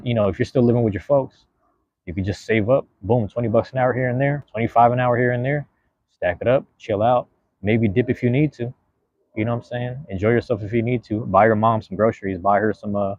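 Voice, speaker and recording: A slightly mellow, fairly low voice comes through a muffled recording with no room sound. The speaker, a young West Coast podcast host and streamer, rambles casually on his live stream, using street slang and swearing a lot.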